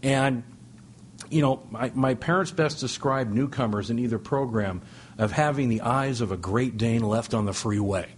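Animated man telling funny stories at a meeting. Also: moderate pace, a little hiss or hum. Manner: animated, joking, with sudden high-pitched exclamations. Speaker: speaker at a recovery meeting. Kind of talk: humorous storytelling share. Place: speaking before a meeting audience.

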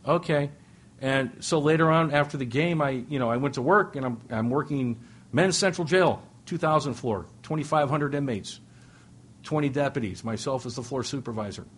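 Man, middle-aged, wry storyteller, self-deprecating, restarts a lot, average pitch. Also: moderate pace, slightly rough. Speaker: speaker sharing at a recovery meeting. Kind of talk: humorous personal storytelling to an audience.

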